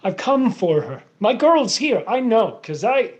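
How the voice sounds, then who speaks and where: Figure: a woman playing a lovesick young American man. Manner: earnest, dramatic. Pitch: lively, swinging. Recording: video call. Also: measured pace, slightly rough, dull audio, heavily acted. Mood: flustered.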